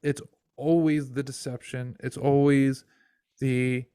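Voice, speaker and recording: A man's voice: mid-range voice, flat delivery, takes it slowly, warm tone, smooth, no room sound, clean studio sound. A man hosting a podcast interview, speaking earnestly with a preacher-like emphasis. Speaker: podcast host. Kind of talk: casual interview chat.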